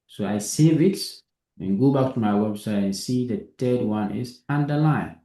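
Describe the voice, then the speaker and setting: A man's voice: mid-range voice, moderate pace, warm tone, reverberant. A man teaching a live coding lesson, patient, who keeps asking if his student understands. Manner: patient, repeats himself and checks understanding.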